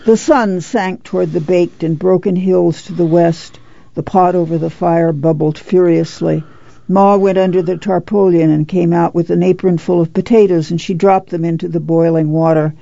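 Woman narrator with a gravelly dark voice. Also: lowish voice, fairly even intonation, normal speed, no room sound, dull audio. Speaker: audiobook narrator. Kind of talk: scripted narration.

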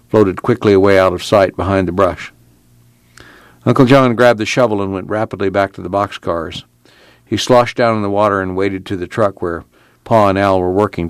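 Seorang pria membacakan narasi buku audio dengan tenang dan mantap. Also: male voice, low voice, clean tone, dry recording. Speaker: audiobook narrator. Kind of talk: scripted narration.

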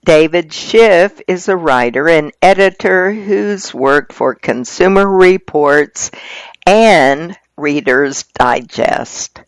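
A slow, unhurried reader working through magazine articles aloud, paced and even. The voice sits in a middle register and sounds close and dry, with no room around it. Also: medium pitch, no echo.

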